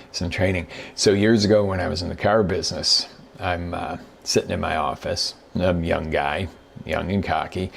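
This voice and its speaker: A man's voice: low-pitched, creaky, fairly bright tone, a little hiss or hum. A middle-aged man hosting a show as a business coach, telling stories in a casual motivational talk and acting out the quotes. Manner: conversational storyteller who acts out quotes.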